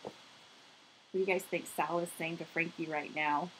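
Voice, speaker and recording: A woman's voice: low-pitched, a little slow, a little hiss or hum, low-quality recording. A woman, a speech therapist, reading a story aloud to young children and leading a game, talking straight to them with encouragement. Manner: animated, encouraging, talks straight to young listeners. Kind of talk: children's read-aloud and activity lesson.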